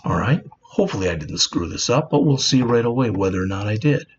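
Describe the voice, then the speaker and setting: A man with a lowish voice talks fast and animatedly while teaching programming in a screen-recorded coding tutorial. He explains plainly and says "all right" a lot, and the lo-fi recording sounds dull, with faint background noise.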